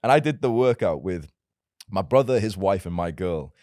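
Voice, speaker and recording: A man's voice: sits low, expressive, normal speed, darkish tone, dry recording, studio quality. A young man in casual podcast conversation, talking as a self-improvement creator in a blunt, emphatic and provocative way.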